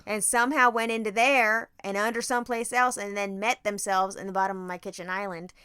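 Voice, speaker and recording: Bright-voiced woman, animated podcast co-host. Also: medium pitch, brisk, smooth, dry recording, studio quality. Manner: animated and profane, laughs often. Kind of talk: casual chat.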